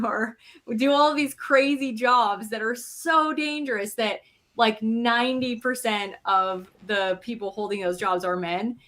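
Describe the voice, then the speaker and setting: A woman's voice: fairly high pitch, fairly even intonation, unhurried, fairly bright tone. A woman in casual chat, giving frank opinions and thinking aloud with hedges.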